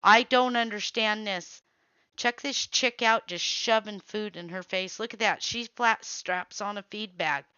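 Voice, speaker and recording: A woman hosting a casual show, giving blunt running commentary and waving off what she doesn't like. Her voice is bright, smooth and crisp, and she speaks unhurriedly. The sound is dry and a little dull, like a simple home setup. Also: medium pitch, dry recording. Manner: blunt, reactive, quick to say nope. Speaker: host. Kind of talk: casual running commentary while scrolling videos.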